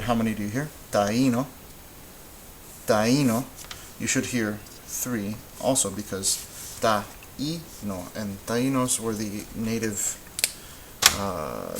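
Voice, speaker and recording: A man with a lowish voice talks through a Spanish lesson in a relaxed, off-the-cuff way, pausing on ums and restarting his sentences. A faint hiss and occasional clicks sit under the recording. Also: low-quality recording. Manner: relaxed, thinking aloud with many ums and restarts. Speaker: Spanish teacher. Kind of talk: casual classroom-style lesson.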